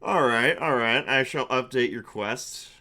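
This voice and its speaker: A man's voice: mid-range voice, unhurried, sharp tone, a little hiss or hum. A young man narrating a tabletop game for a live-stream chat, chatty with frequent fillers and laughs.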